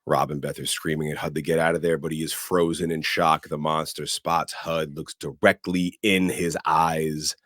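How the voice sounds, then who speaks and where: A man co-hosting a podcast, recapping a film in a casual, animated way and punctuating the story with sound words. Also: very deep voice, moderate pace, hardly any pauses, no echo, studio quality. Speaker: podcast co-host.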